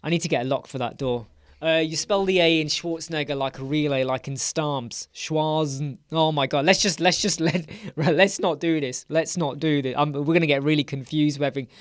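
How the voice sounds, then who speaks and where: A man's voice: a little high, fairly quick, dry recording, clean studio sound. An English man hosting a casual live Q&A stream from a room at home, chatty and playful, rambling between questions. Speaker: web design live stream host.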